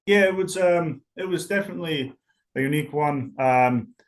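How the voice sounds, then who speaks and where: A man's voice: on the high side, normal speed. Rambling young Scottish man. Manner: rambling, with many fillers and restarts. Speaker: interview guest, football punter. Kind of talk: casual interview.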